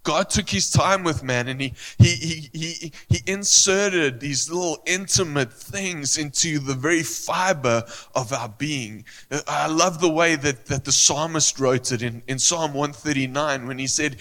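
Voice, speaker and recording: Male pastor, sermon delivery, unhurried and emphatic, crisp bright tone, long hall echo. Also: fairly high pitch. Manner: earnest, emphatic, repeats phrases, with searching pauses. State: emotional.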